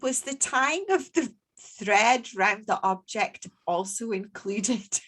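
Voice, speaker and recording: A woman's voice: a little high, lively intonation, slow pace, fairly bright tone. A woman co-hosting a podcast, chatting bluntly, swearing casually and laughing easily. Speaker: podcast co-host.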